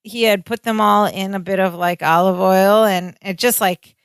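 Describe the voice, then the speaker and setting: A woman's voice: mid-range voice, steady tone, normal speed, clear, resonant tone, no echo, studio quality. A woman co-hosting a podcast, chatting casually and recapping a sitcom with lots of "like" fillers. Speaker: podcast co-host.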